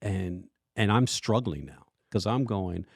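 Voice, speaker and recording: A man co-hosting a church podcast, telling his own story in animated casual chat and acting out his past lines. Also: fairly low pitch, unhurried, vocal fry, husky, no room sound, clean studio sound. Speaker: worship pastor and podcast co-host.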